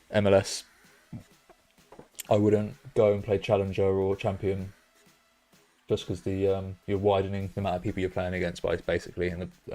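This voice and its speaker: Excitable British streamer, low voice. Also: male voice. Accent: British English. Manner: excitable, loud bursts of cheering and swearing. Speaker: streamer hosting a fantasy football stream. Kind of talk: casual live-stream chat, reading out chat messages.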